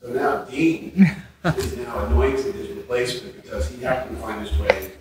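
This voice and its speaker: Guy on a con panel telling funny stories, booming echoey hall, crowd murmur, off-mic. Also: moderate pace. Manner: animated anecdotes with laughter, acting out quotes. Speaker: panelist and convention organizer. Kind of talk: storytelling on a memorial panel. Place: convention hall panel room. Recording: echoey hall, audience noise, distant mic.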